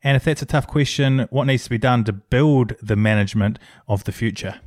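A man's voice: mid-range voice, a little fast, dry recording, studio quality. A man hosting a podcast, reading plugs and listener questions. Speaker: podcast host.

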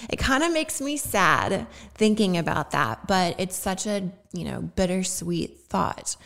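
A woman's voice: lowish voice, lively intonation, unhurried, vocal fry, a bit bright. A young woman hosting a podcast, talking heartfelt and personal about her hopes, at times fighting back tears and laughing through them. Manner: heartfelt, tearful at moments, laughing through emotion. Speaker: podcast host. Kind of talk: personal reflective monologue.

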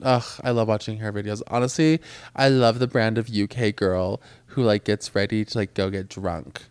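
Lower-voiced young man, effusive podcast chatter. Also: fairly even intonation, normal speed, smooth, no room sound. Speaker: podcast co-host. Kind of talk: casual chat.

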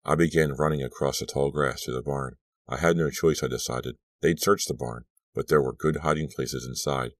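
A man reading an audiobook aloud as first-person narration, steady and measured. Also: rumbling low, no echo. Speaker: audiobook reader.

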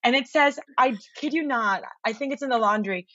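A woman as a podcast guest, telling a long story in a rambling, excitable way with lots of swearing and restarts, over a remote call. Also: a little high, fairly quick, no echo, highs cut off. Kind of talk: casual storytelling chat.

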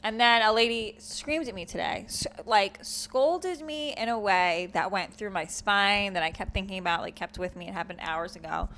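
A woman hosting a podcast, telling animated stories in casual chat and swearing freely. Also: mid-range voice, normal speed, few pauses, slight background noise. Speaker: podcast host.

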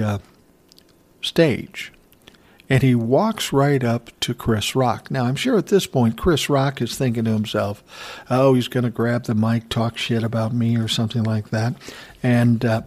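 A man with a mid-range voice casually retells an event in unhurried, profane commentary, chuckling now and then.

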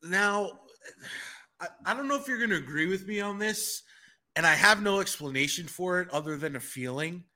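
A man's voice: high-pitched, expressive, normal speed, bright, forceful tone. A man hosting a podcast in casual chat, wry and chatty with hesitant asides. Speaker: podcast host.

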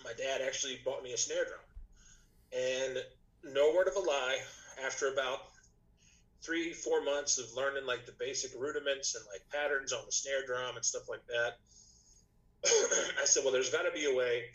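A man chatting as a podcast guest, telling a long story in a loose, rambling way. He restarts sentences often and leans on fillers. His voice is a little rough today. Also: mid-range voice, normal speed, fairly bright tone, rough recording. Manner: rambling, many restarts and "you know". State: slightly rough voice, clearing throat. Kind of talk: casual storytelling chat.

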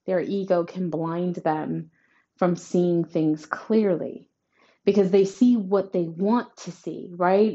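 A woman delivers a horoscope reading at a slow, deliberate pace. Her voice is mellow and dark, and the sound is a little dull and lo-fi. She talks emphatically and reassuringly, tagging her points with "right?". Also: medium pitch. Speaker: astrology reader. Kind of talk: tarot-style horoscope reading to camera.

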